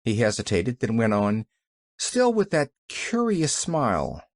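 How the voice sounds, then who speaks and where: A man narrating a classic novel as an audiobook, expressive and measured, on a close mic. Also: mid-range voice, dry recording. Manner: expressive storytelling.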